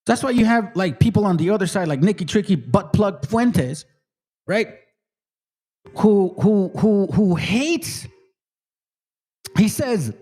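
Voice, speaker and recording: A man with a high, swooping voice reads passages from a book aloud. He keeps breaking off into blunt, profane commentary as the channel's host. His tone jumps up and down as he talks. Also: sing-song, unhurried, long pauses, a little mellow. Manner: blunt and profane, cuts in on his own reading.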